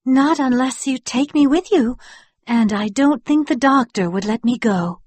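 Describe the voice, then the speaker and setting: Woman reading as a soft-spoken young wife, high voice, dry close sound. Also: unhurried, husky, no room sound. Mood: gentle. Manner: soft and gentle. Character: gentle young wife, quietly determined.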